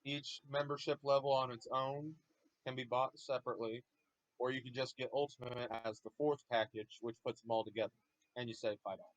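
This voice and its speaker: A man's voice: mid-range voice, steady tone, a little fast, no echo. Male friend on voice chat, matter-of-fact explainer, dry dull mic.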